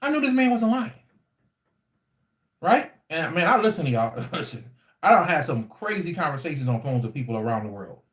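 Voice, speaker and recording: High-voiced man telling a wild story. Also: fairly quick. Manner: animated, repetitive, slangy storytelling. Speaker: livestream host. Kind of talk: casual storytelling to a live audience. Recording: echoey room.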